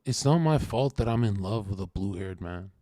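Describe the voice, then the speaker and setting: A man's voice: on the low side, animated, normal speed, warm tone, no echo, clean studio sound. A man hosting a livestream, talking casually, swearing a lot and taunting his chat. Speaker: livestream host.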